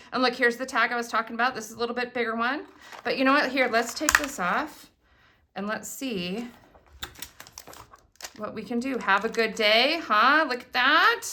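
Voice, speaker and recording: A middle-aged woman chatting casually and excitedly as she unboxes new craft products for viewers. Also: a little high, normal speed.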